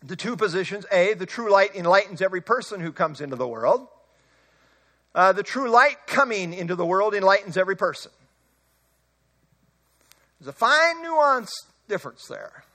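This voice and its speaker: A man preaching an expository sermon, emphatic, slowing and rising on key words. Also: high-pitched, big pitch swings, bright, forceful tone.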